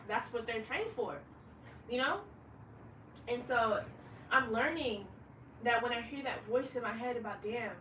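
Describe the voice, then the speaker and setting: A woman's voice: on the high side, fairly bright tone, roomy sound, recorded from a distance, slight background noise, rough recording. A woman in her late twenties, a fashion designer, talking candidly in a rambling vlog monologue and swearing freely. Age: late 20s.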